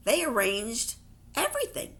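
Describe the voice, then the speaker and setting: A wary, puzzled young boy, voiced by a woman reading a storybook. The voice sits slightly high and moves up and down, with a slow, gravelly delivery. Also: huge pitch swings, a bit bright, heavily acted.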